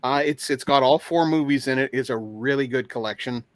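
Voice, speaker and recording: Halting man on a dry video call. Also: medium pitch, no echo. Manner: halting, many fillers and restarts. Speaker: guest. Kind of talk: casual chat.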